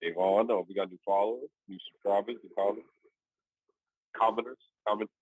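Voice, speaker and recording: A man in his twenties co-hosting a podcast, chatting casually in relaxed slang. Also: lowish voice, fairly quick, breathy edge, no echo, highs cut off. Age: 20s. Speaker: podcast co-host. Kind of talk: casual chat.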